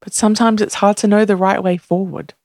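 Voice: medium pitch, fairly even intonation, a little fast, no echo, clean studio sound, pitched above the performer's own voice, lightly acted. A narrator reading an earnest male hero. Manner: gentle and sincere. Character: kind, earnest male time traveler.

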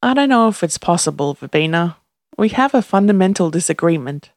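A narrator reading the lines of a kind, earnest man in a gentle, sincere tone. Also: medium pitch, expressive, brisk, no echo, studio quality, close to an everyday voice. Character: kind, earnest male time traveler.

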